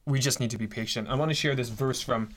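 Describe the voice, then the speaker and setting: A man's voice: mid-range voice, fast, fairly bright tone. A young man in his twenties hosting a faith podcast in a casual, playful way. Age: 20s. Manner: playful, reading scripture aloud. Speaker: podcast host.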